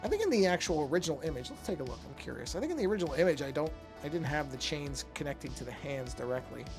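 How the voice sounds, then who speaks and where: Gravelly man rambling during an art stream. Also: on the high side, very animated, racing, over music. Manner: rambling, thinks aloud, frequent restarts. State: yawning often. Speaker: artist streaming his work. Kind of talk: casual live-stream talk while painting.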